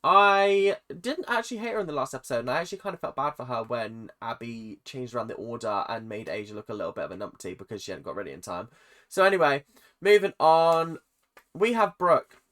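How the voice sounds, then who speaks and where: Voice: medium pitch, sing-song, brisk, a bit bright. A British reaction channel host chatting casually and jokingly straight to viewers. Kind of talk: casual reaction vlog chat.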